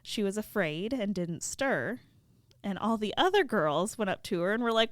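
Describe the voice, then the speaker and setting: A woman podcast co-host retelling a fairy tale casually, with animated, laughing asides. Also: medium pitch, normal speed, dry recording.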